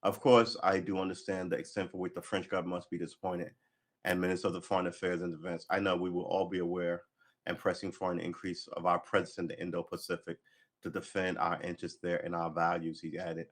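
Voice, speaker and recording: A man's voice: deep voice, little pitch movement, quick pace. A man reading news articles aloud on a livestream, stumbling over the text and adding sarcastic asides. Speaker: livestream host.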